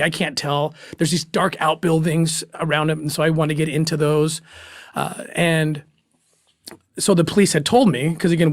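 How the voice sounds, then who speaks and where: A man's voice: on the high side, no echo, studio quality. A middle-aged man, a guest in an interview, telling a first-person story in an earnest way that halts with emotion.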